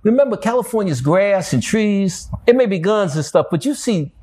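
Animated older man telling street stories. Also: high-pitched, normal speed. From New York. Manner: animated storyteller, streetwise slang. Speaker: interview guest. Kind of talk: storytelling interview.

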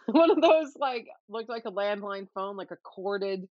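A woman's voice: mid-range voice, unhurried, no echo, highs cut off. A woman co-hosting a casual chat, telling childhood stories with lots of laughter and acted-out quotes. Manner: animated storyteller, laughs often, acts out quoted voices.

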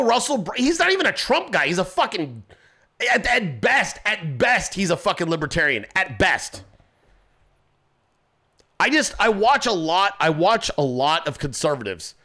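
Brash male commentary host, swearing rant, lively swooping delivery, bright forceful tone. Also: high voice. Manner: profane, confrontational ranting; mocks people with quoted voices.

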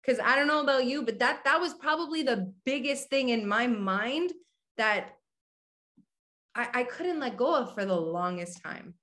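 Woman, slightly high-pitched, candid, blunt, casual swearing, motivational podcast talk. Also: expressive, normal speed, a bit bright. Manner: addresses listeners directly, asks if they agree. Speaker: podcast host.

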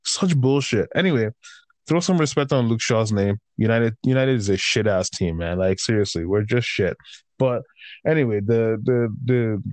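Swearing constantly and tossing in slang like "bro," this football-loving podcast host rants heatedly in a casual chat. His pitch is medium and a bit mellow, and there's no echo.

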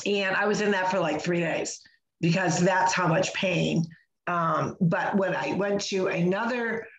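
A woman with a slightly low voice hosts a relaxed conversation. She talks in a chatty, animated way, with plenty of fillers and restarts. The sound has a roomy echo around it. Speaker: host. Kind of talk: casual chat.

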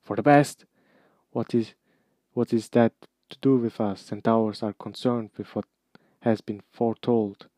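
Brief: male reader doing a hot-tempered, proud centaur; loud and scolding, dry close sound. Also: lowish voice, level tone, measured pace, dry recording, close to an everyday voice. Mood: angry. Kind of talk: audiobook character reading.

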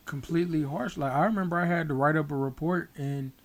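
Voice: mid-range voice, quick pace. Slangy, profane casual talker. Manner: slangy and profane, wry commentary. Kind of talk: casual chat.

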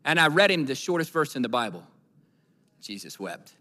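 A man preaching in a large church hall, his bright, forceful voice ringing with long reverb. He tells a story and builds to emphatic, repeated declarations, pitched a little high for a man. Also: lively intonation, fast. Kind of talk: sermon storytelling.

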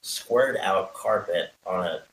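A man co-hosting a podcast, explaining counseling terms in a halting casual way. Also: deep voice, a bit bright, a little hiss or hum. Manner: explains with clinical terms, many "uh" pauses. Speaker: podcast co-host. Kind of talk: casual chat. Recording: roomy echo.

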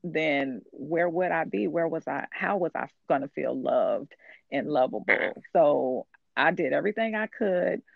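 A woman talks earnestly about her own story, her voice gravelly with fry. The sound is thin and tinny, like a phone line, and very dry. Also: deep voice, animated, a little slow, dry recording. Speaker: author. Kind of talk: casual conversation.

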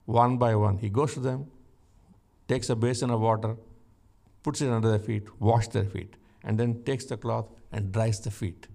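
A man preaching a sermon, teaching slowly and emphatically from scripture and rising to exclamations. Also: fairly low pitch, fairly even intonation, vocal fry, dark tone.

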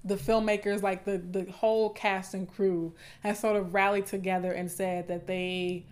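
A woman's voice: medium pitch, level tone, moderate pace, a little mellow. Impassioned Southern woman commentator. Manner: impassioned, emphatic, repeats phrases for stress. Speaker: video commentator. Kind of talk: casual livestream commentary.

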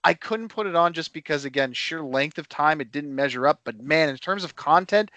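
A man co-hosting a casual wrestling podcast, animated and playful as he banters with his co-host. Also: fairly high pitch, fairly quick, no room sound.

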